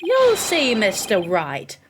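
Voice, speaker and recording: A woman's voice: fairly high pitch, huge pitch swings, slow pace, a little hiss or hum, exaggerated voice. A woman doing a haughty smug male prosecutor. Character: pompous smug male prosecutor, young adult.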